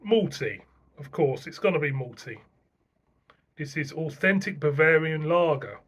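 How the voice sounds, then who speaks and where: A middle-aged man from England talks through a beer review in a loose, rambling way, chuckling now and then. His voice sits a little higher than most men's. He sounds like an easygoing home vlogger. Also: lively intonation, unhurried, fairly bright tone, dull audio. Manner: chatty, rambling, chuckles to himself. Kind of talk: casual beer review vlog.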